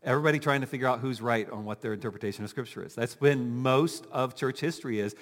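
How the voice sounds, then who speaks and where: A man preaching a sermon as pastor, animated and full of rhetorical questions, talking with his congregation. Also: medium pitch, fast talker, in a large hall. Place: church sanctuary.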